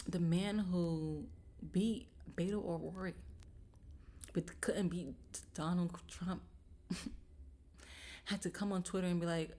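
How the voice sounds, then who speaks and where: A woman hosting her own podcast, talking in a casual, slangy, animated way and swearing freely as she rants with exasperation. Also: fairly low pitch, slow, long pauses, slight background noise. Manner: slangy informal speech. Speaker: podcast host. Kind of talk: casual solo podcast rant.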